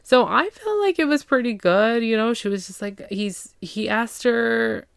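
A woman's voice: on the high side, animated, a little slow, vocal fry, clean tone, no room sound, studio quality. A woman hosting a podcast who recaps a TV episode in casual chat. She is full of fillers and acts out the characters' lines as she goes. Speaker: podcast host.

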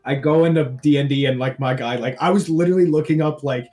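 A man's voice: on the high side, fast, a little mellow. Give me a rambling young man in casual chat, with faint music behind him. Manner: rambling, heavy filler "like".

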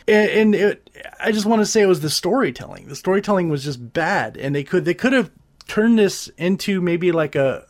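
High-voiced profane man ranting reviews. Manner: profane, animated, rambling with restarts. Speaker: podcast host reviewing gadgets and movies. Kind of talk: casual crude review chat.

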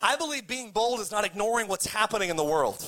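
An animated, fast-talking pastor with a high, sharp-toned voice preaches while joking and telling scripture stories in a relaxed way. He draws the congregation into call-and-response, asking them to repeat his words.

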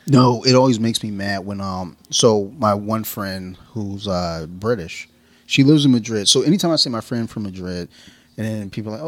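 A man's voice: on the low side, lively intonation, normal speed, no room sound. An American man co-hosting a casual podcast chat, joking, swearing and acting out quotes, laughing often. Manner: jokey, profane, acts out quotes, laughs often. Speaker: podcast co-host.

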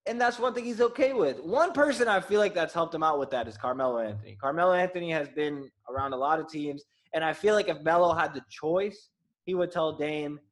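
Man, high voice, easygoing, joking, podcast host. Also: expressive, a little fast. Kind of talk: casual sports podcast chat.

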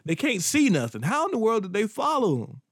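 A man's voice: high-pitched, wildly swooping pitch, fairly quick, dry recording, studio quality. A man preaching a podcast sermon, repeating phrases for emphasis and breaking into sudden whoops and exclamations.

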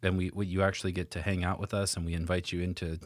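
A man's voice: sits low, little pitch movement, fast talker, no room sound. A laid-back young man chatting as a podcast co-host, who laughs often and trails off mid-thought. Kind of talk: casual chat.

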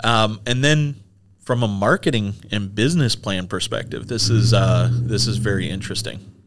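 Chatty low-voiced male podcast host. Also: moderate pace. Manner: chatty, rambling with frequent fillers. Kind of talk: casual tech podcast chat. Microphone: studio microphone.

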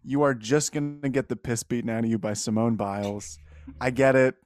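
A young man co-hosting a comedy podcast, delivering jokes in a mock-serious deadpan and laughing at them. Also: mid-range voice, fairly quick, no echo. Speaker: podcast co-host. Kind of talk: casual comedy podcast banter.

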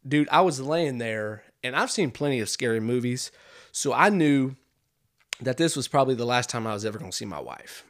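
Rambling man telling a comedic story. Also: medium pitch. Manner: rambling, animated, keeps saying "dude". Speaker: podcast host.

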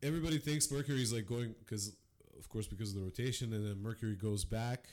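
A man's voice: on the low side, fast talker, darkish tone. A man co-hosting a casual podcast chat, rambling and swearing, laughing often.

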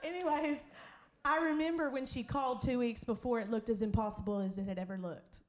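A woman's voice: fairly high pitch, steady tone, brisk. A woman pastor preaching in a storytelling way. She laughs often and acts out other people's voices. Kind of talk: sermon storytelling.

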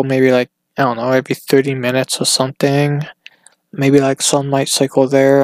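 A man talking alone on his podcast in a rambling, casual way, halting often and restarting his sentences. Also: mid-range voice, darkish tone, no room sound. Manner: hesitant, halting, full of restarts and fillers. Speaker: solo podcaster. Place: at home.

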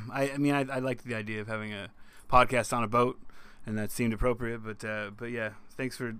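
A man's voice: mid-range voice, steady tone, fairly quick, pushed and bright, clean tone, dry recording. A man hosting a casual podcast interview, joking and swearing, often restarting his sentences. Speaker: podcast host.

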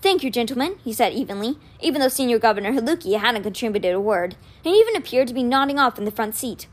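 A woman's voice: fairly high pitch, animated, fast. A woman reading aloud, voicing a cold, ambitious young male official who speaks curtly in a storybook. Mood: probing. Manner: curt, clipped.

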